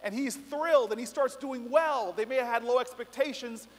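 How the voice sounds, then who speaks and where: A man's voice: very high voice, normal speed. A middle-aged man giving a passionate, rousing speech at a student rally, mixing stories with emphatic appeals. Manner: passionate, building to emphatic peaks, storytelling asides. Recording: echoey hall reverb.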